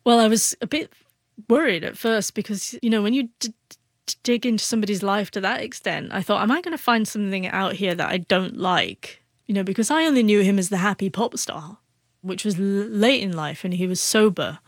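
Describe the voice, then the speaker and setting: A woman's voice: medium pitch, a little fast, no echo. A woman who stutters, answering questions as a guest author in a radio interview. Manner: speaks with a stutter, repeating first sounds.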